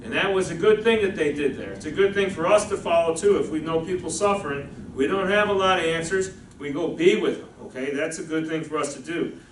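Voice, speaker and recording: A man's voice: a little high, a little fast, a little hiss or hum. A man preaching a sermon as pastor in a conversational, folksy way, with frequent asides to the congregation. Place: church. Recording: echoey room, voice from a distance.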